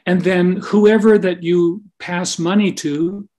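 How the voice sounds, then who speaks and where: A man's voice: high voice, steady tone, slow pace, dark tone. An older man, a Christian minister, telling personal stories in a podcast interview and often checking in with "right?" and "is that right?". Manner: earnest anecdotal storyteller with frequent "right?" tag questions. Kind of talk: storytelling interview.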